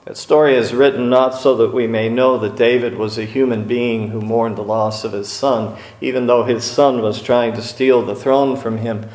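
A man preaching a sermon, speaking slowly with dramatic pauses and acting out quotes from scripture stories. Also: on the low side, fairly even intonation, a little mellow. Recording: echoey room.

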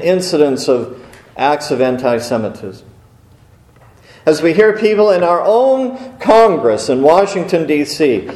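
A man's voice: fairly high pitch, a little mellow. A man preaching a sermon in a conversational way, with rhetorical questions and wry asides. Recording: roomy echo.

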